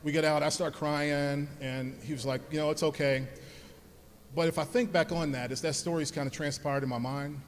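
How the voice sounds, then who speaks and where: A man giving a heartfelt speech at an alumni event, telling personal stories and speaking softly when he thanks his parents. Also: on the high side, steady tone, a little fast, hardly any pauses. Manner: earnest, storytelling, grows soft when thanking his parents. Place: large hall at an alumni event. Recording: long hall reverb.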